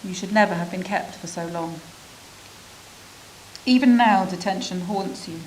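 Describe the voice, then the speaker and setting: A woman reading a literary prose story aloud at a measured, reflective pace, with pauses between phrases. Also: fairly low pitch, a little hiss or hum, rough recording. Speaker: reader of a refugee's story.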